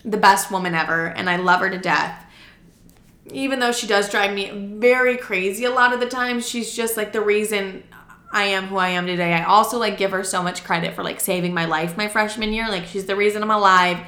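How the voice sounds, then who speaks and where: A young woman hosting a podcast narrates a story in a steady, medium-pitched voice that sounds pushed and bright, moving at a moderate pace. Chatty and casual, she fills her speech with "like" and free swearing, and the room echoes noticeably.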